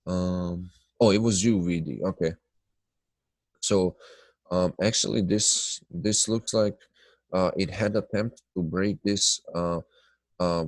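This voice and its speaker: Nasal low-voiced man hosting a webinar. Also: dry recording. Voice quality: nasal from blocked sinuses. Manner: loose, filler-heavy talk, answering viewers by name. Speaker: trading webinar host. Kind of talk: live webinar chat and chart analysis.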